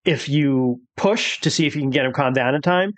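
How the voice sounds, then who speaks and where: A man running a tabletop horror game as game master, explaining rules with many pauses and fillers. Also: mid-range voice.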